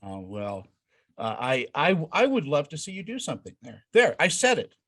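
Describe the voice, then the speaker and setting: A man's voice: on the high side, wildly swooping pitch, normal speed, fairly bright tone. A man hosting a celebrity interview, enthusiastic and stumbling over his words as he asks questions. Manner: enthusiastic, repeats words while searching for them. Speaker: interview host. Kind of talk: casual interview chat.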